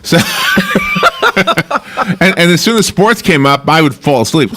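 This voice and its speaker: A man's voice: high-pitched, wildly swooping pitch, slow, bright, forceful tone, slight background noise. A man hosting a radio show, reading the weather and chatting, who laughs often. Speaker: radio host. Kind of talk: casual chat and weather report.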